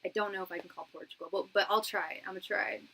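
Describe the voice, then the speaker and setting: Woman doing a live tarot reading, chatty and slangy, calls everyone girl, average pitch. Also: fairly even intonation, fast talker, pushed and bright, poor audio. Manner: thanks viewers for donations. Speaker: tarot reader and psychic medium.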